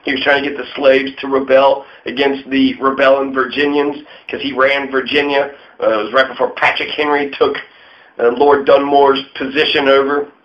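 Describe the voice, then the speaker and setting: A man's voice: medium pitch, flat delivery, normal speed. A man giving a profane, irreverent casual history monologue, full of mocking asides. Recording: dull lo-fi sound.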